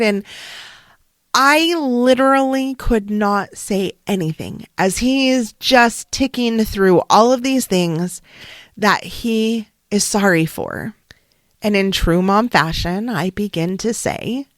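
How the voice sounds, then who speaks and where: A middle-aged woman, a wellness coach and counselor, shares a personal story in an unhurried, heartfelt monologue. She speaks slowly, with halting pauses, at a middle pitch. The sound is close and dry, with no room echo. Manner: slow, halting, heartfelt delivery.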